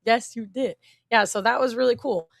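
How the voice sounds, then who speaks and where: A woman's voice: fairly high pitch, normal speed, creaky, no echo. Playful woman, dry close sound. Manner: lively, playful storytelling. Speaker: podcast co-host and shop worker. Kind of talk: casual chat.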